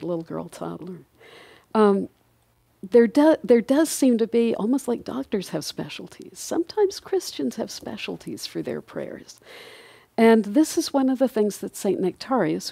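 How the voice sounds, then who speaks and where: A middle-aged woman appears as a guest in a conversational podcast interview, speaking earnestly and reflectively with occasional light laughter. Her medium-pitched voice is creaky and dark in tone, in a dry recording.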